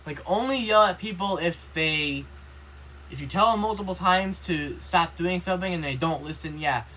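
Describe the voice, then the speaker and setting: A man's voice: sits high, normal speed, bright, forceful tone, rough recording. A young man vlogging an earnest, rambling rant, with constant "you know" and "like" fillers. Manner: earnest and upset. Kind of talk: casual rant to camera.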